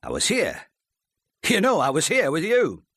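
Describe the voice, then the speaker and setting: A man's voice: fairly high pitch, wildly swooping pitch, unhurried, vocal fry, husky, no echo, studio quality, pitched above the performer's own voice, heavily acted. A man voicing a short-tempered middle-aged husband who speaks curtly and emphatically. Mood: defensive. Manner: curt, emphatic, shouting.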